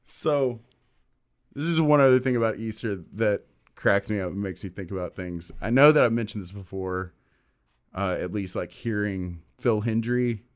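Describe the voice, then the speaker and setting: A man's voice: on the low side, normal speed, smooth. Male podcast host, loose rambling storyteller, lots of fillers and restarts. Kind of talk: casual chat.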